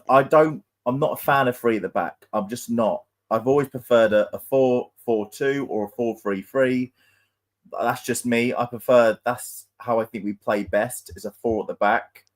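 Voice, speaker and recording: A man's voice: medium pitch, moderate pace. A man co-hosting a fan channel, giving frustrated post-match views with many hesitations. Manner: frustrated, hesitant, lots of ums. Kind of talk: post-match analysis chat.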